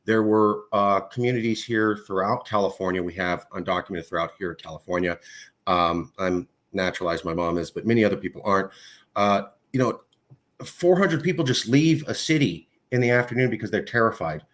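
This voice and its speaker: A podcast host conducts a casual interview, speaking a little fast with a slightly bright voice. He rambles in long stretches packed with fillers, and his pitch leaps upward whenever he gets worked up.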